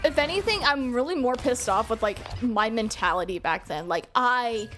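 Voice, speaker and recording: A woman's voice: a little high, lively intonation, moderate pace, a bit bright, slight background noise. A young adult woman streamer chatting casually while gaming, speaking candidly and rambling, with lots of filler words.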